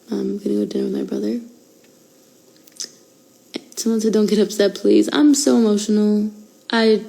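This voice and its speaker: A woman's voice: mid-range voice, vocal fry, mellow, rough recording. A young woman in her twenties talking candidly and emotionally to fans in a casual livestream, with many fillers. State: out of breath.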